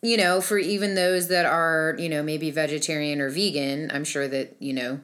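Low-voiced playful woman co-host. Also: fairly even intonation, fairly bright tone. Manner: playful, laughs often, explains at a measured pace. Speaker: podcast co-host. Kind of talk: casual chat.

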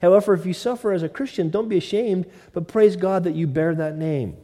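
A man's voice: sits high, brisk, warm tone, long reverb tail. A male pastor preaching a conversational sermon, slipping into mock voices of his listeners.

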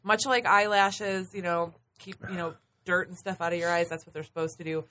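A woman's voice: lowish voice, steady tone, a little fast, a bit bright, slight background noise. A woman co-hosting a casual podcast, cheerful and laughing often. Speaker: podcast co-host. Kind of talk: casual chat.

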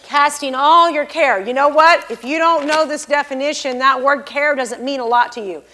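A woman giving a sermon and personal testimony, swinging between hushed, near-whispered passages and loud, emphatic exclamations as she explains scripture. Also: sits high, normal speed, a little hiss or hum. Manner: emphatic, expository. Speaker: preacher.

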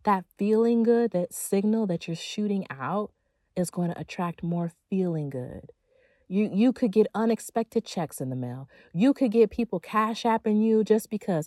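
A woman's voice: mid-range voice, lively intonation, unhurried, mellow, dry recording. A woman giving a motivational monologue as a feminine energy coach, emphatic and casual, with slang and playful asides.

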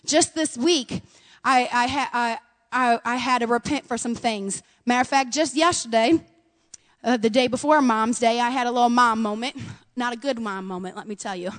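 A middle-aged woman preaching a sermon, earnest, calling her listeners friends and rising to loud fervor. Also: a little high, normal speed, in a large hall.

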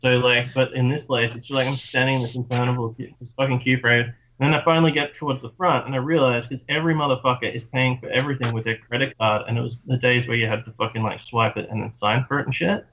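A man's voice: mid-range voice, fairly even intonation, fast, few pauses, fairly bright tone, slight background noise. A man with an Australian accent telling long, rambling, profane stories in casual chat. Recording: dull lo-fi sound.

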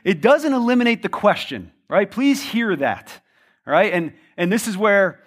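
Man, pastor, high voice, casual preaching, tag questions, rhetorical repetition. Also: big pitch swings, measured pace. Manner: conversational preaching, frequent tag questions "right?". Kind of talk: sermon.

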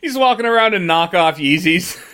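A man's voice: high voice, animated, normal speed, fairly bright tone, smooth. A man from Missouri co-hosting a podcast, chatting casually, joking and swearing with stammering restarts. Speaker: podcast co-host.

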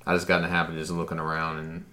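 A man co-hosting a casual chat, telling stories in a relaxed way and swearing freely. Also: very deep voice, rapid-fire. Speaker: podcast co-host.

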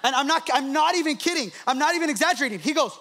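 High-voiced pastor telling a funny story in a sermon, laughing as he goes. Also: very fast, slight background noise. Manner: animated storytelling, laughing as he preaches.

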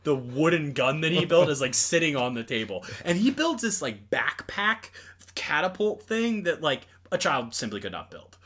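Animated bright-voiced young man. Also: a little high, normal speed. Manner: animated, exasperated, lots of fillers. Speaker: podcast co-host. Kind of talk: casual movie review chat.

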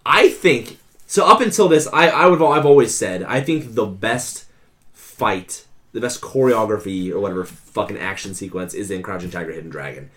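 A man in casual podcast chat, excitable and swearing a lot. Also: fairly low pitch, normal speed.

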